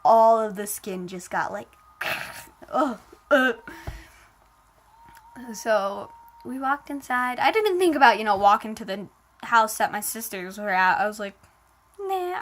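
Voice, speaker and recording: A woman's voice: on the high side, fairly bright tone. A woman casually telling a personal story. She fills her talk with "like" and retells it in a dramatic, emotional way.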